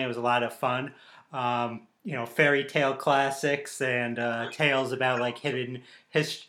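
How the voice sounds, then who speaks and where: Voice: mid-range voice, a bit bright. A co-host asking friendly questions in a casual interview. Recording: roomy echo.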